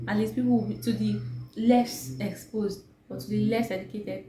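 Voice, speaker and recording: Nigerian lady ranting to camera, says like a lot, warm voice, faint room hum. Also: mid-range voice, fairly even intonation, normal speed. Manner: emphatic, rhetorical, frequent "like". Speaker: vlogger. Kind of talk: opinionated talk to camera. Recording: echoey room, faint ambience.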